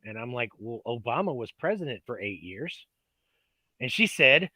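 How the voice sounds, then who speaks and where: A man telling stories on a live stream, chatty and animated, acting out what people said. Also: mid-range voice, normal speed, no echo. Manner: animated, chatty, acts out quoted lines. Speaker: stream guest. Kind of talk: casual storytelling chat.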